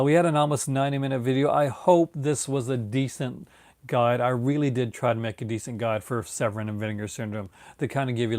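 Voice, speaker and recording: Tired, gravelly man chatting on video. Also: medium pitch, a little mellow, dry recording, studio quality. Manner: rambling, many fillers and restarts. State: tired, yawning. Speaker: video host. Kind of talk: casual late-night video chat.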